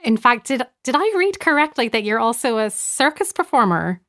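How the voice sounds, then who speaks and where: An American woman hosting an interview, asking questions in a halting way with many ums. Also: on the high side, sing-song, a bit bright, dry recording, clean studio sound. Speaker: podcast host.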